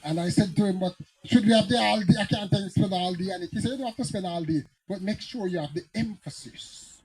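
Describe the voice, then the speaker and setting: A man's voice: sits high, fast, a little mellow, a little hiss or hum, rough recording. Fiery Jamaican preacher man. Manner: storytelling, rising to fiery emphatic preaching. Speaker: pastor. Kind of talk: preaching Bible teaching.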